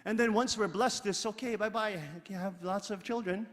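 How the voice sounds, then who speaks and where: A man delivering a sermon to a gathering, talking emphatically and repeating phrases as he builds to loud peaks. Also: high voice, moderate pace, hardly any pauses. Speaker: religious leader. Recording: long hall reverb.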